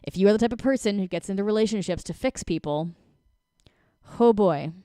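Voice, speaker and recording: A woman in her forties giving casual relationship advice as a coach, talking in an animated way and breaking into quick acted-out voices. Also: medium pitch, no echo, studio quality.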